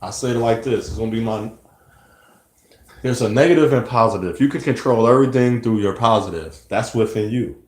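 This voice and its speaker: A man's voice: medium pitch, a little fast, roomy sound. A man giving a rambling, earnest personal monologue, preaching about hate, self-reflection and staying positive. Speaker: vlogger.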